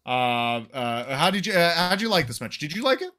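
A man co-hosting a casual wrestling recap podcast, animated and swearing freely as he acts out what people said. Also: fairly high pitch, brisk. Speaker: podcast co-host.

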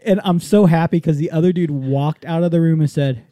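A man's voice: on the high side, brisk, few pauses, dry recording, clean studio sound. A man in casual podcast chat, telling stories with lots of laughter and acted-out voices. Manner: animated, laughs often, acts out voices in stories. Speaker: podcast co-host.

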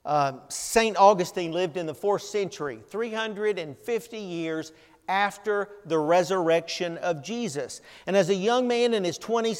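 An older man delivers an earnest sermon in a fairly high voice, speaking slowly and emphatically with frequent pauses and repeated words. His voice rings with the long reverb of a church hall. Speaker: pastor.

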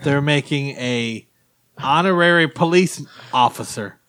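A man's voice: on the high side, unhurried, fairly bright tone, smooth. A man co-hosting a casual podcast chat, upbeat and laughing easily. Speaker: podcast co-host.

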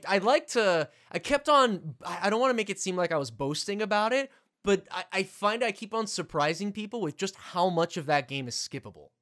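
A man hosting a podcast, joking and teasing in animated casual chat. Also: high-pitched, a little fast. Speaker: podcast host.

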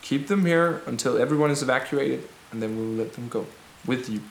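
A man giving voice to a rebel leader who stands up before a scared crowd and speaks in slow, measured, lifted tones. The recording is roomy and echoey, with hiss and rain underneath. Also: medium pitch, vocal fry, close to an everyday voice. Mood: earnest, reassuring. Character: male rebel leader rallying frightened townsfolk.

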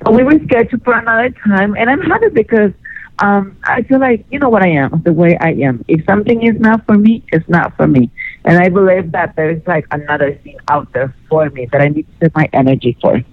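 A woman's voice: mid-range voice, brisk, dry recording. A woman calling in to a radio show, chatting in a flirtatious, rambling way. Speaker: caller. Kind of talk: casual phone chat. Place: Los Angeles. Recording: tinny dry phone line.

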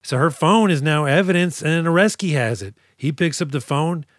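A man's voice: on the high side, normal speed, dry recording. Man co-hosting a podcast, dry close sound. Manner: animated, profane, acts out movie scenes. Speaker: podcast co-host. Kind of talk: casual chat recapping a movie.

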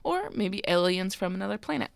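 Giggly rambling woman with gravelly voice. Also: medium pitch, sing-song, brisk. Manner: giggly, rambling, often off track. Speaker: podcast co-host. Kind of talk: casual chat, reading urban legends.

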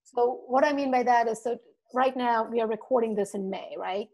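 A woman podcast guest telling an animated story, acting out quotes and laughing often. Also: on the high side, normal speed, highs cut off. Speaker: podcast guest, marketing speaker.

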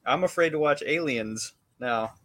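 A man's voice: a little high, normal speed, fairly bright tone. Laid-back man recapping a movie. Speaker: podcast co-host. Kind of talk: casual chat.

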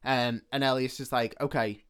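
A man's voice: mid-range voice, fairly even intonation, normal speed, fairly bright tone, clear, resonant tone. Man recapping a film plot. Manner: retells the plot loosely, acting out the characters' lines. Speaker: podcast host. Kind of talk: casual film recap chat.

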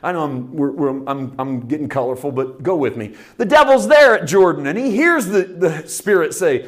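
A man preaching a sermon with impassioned delivery, dropping to a hush and rising to loud emphasis, stretching out key phrases. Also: high-pitched, expressive, normal speed, hardly any pauses. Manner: impassioned, swinging from hushed to loud.

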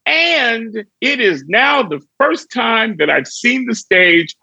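Gravelly husky man telling a story. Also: very high voice, takes it slowly, no room sound, lo-fi sound. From Chicago. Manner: lively anecdote teller who acts out quoted dialogue. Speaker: guest comedian and actor. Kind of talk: casual podcast storytelling.

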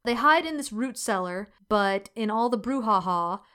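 A woman's voice: a little high, animated, normal speed, fairly bright tone, clear, resonant tone. A woman co-hosting a podcast, recapping a movie in casual chat, swearing freely and putting on mock voices for quotes. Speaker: podcast co-host.

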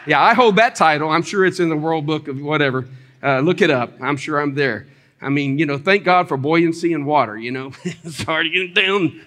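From the pulpit, a high-voiced male preacher shares testimony stories as part of his sermon. He is animated, bursting into loud exclamations and chuckles, and relies on the crowd for agreement.

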